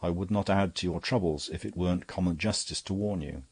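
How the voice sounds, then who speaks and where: A man voicing a small, quiet male priest detective who speaks in a calm, measured way. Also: low-pitched, husky, no room sound. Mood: grave warning.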